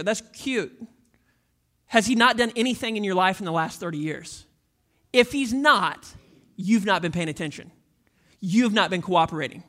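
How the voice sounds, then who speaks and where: A pastor giving a sermon in a church, speaking casually to the congregation and acting out listeners in quick asides. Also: mid-range voice, expressive, a bit bright. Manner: casual, conversational preaching to the congregation.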